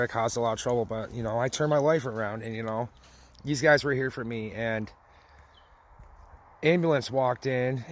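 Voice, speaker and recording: A man's voice: mid-range voice, a little hiss or hum. A young adult man, a father, giving a blunt, emotional personal testimony that turns tearful at times. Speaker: father telling family story.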